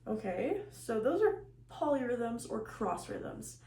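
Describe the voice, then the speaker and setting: A woman's voice: fairly high pitch, sing-song, slow. A woman giving a recorded music lecture, explaining rhythm terms plainly and counting beats aloud. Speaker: music teacher. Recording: echoey room with faint hum.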